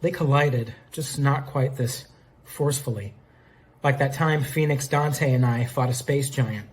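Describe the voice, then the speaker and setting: A practical female agent comments dryly on the strange events. A man reads her close to his everyday voice, with only a slight lift in pitch. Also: a little slow, slight background noise, natural voice. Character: adult female police agent, practical and wry.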